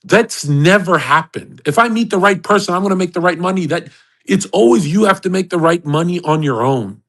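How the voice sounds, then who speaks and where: A man's voice: high-pitched, animated, a little fast, a bit bright. A man hosting a livestream, talking in a brash, profane rant and mocking others in put-on voices. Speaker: host. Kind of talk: livestream monologue.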